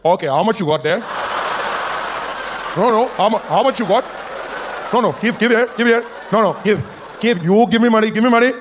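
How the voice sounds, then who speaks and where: A comedian putting on a bumbling Indian villain with a put-on accent who bargains over his ransom in broken English. The voice is high for a man and polite in tone. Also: a little fast, long pauses, crowd noise, noisy background, close to an everyday voice. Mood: haggling. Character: bumbling male Indian mastermind terrorist.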